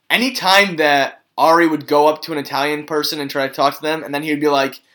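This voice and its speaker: A man co-hosting a podcast chats casually, laughing often and trailing off into giggles in a relaxed way. His voice is on the high side, and he talks a little fast.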